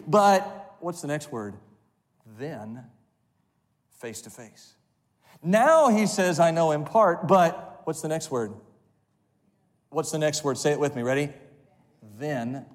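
A male pastor preaching a sermon, leading the congregation in call-and-response and slowing down to read scripture. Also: on the high side, expressive. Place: church sanctuary. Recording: long hall reverb.

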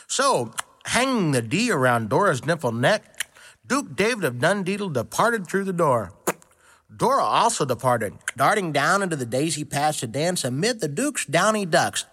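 A man's voice: a little high, big pitch swings, normal speed, a bit bright, slightly rough. A man reading a children's story aloud with a playful, tongue-twisting delivery.

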